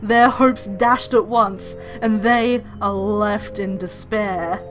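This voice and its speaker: A woman voicing a vain, theatrical male bird villain from a game, speaking in grandiose, drawn-out phrases. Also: mid-range voice, fairly even intonation, music in the background, natural voice. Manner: pompous, grandiose, drawn-out speech.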